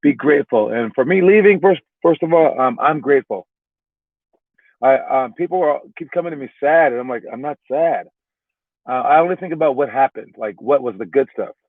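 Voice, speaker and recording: A man's voice: medium pitch, brisk, no echo. A man who coaches basketball gives a casual motivational talk to young players. He rambles, repeats words and keeps tagging "all right?" onto his points. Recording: narrow phone-like sound, dry.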